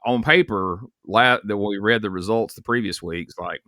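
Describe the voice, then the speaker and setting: A podcast host, chatting casually and telling stories with laughs. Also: male voice, lowish voice, normal speed, pushed and bright, no room sound, studio quality. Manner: storytelling, laughs, swears casually. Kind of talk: casual chat.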